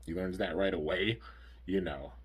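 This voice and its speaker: A man with a deep, slightly husky voice talks through a cartoon episode in a loose, rambling recap. He leans on fillers like "like" and "you know" as he goes. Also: normal speed. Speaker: anime episode reviewer.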